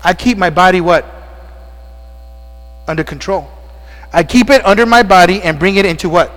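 A male preacher speaks at normal speed in a high, slightly bright voice, breathing hard as he delivers his sermon. He asks the congregation questions and calls out amens often, call-and-response style, in a church sanctuary. Mains hum and long church reverb are audible.

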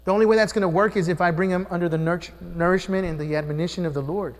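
A man's voice: high-pitched, fairly even intonation, very fast, big-room sound. A middle-aged man preaching a sermon as a pastor, talking conversationally and asking the congregation questions. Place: church sanctuary.

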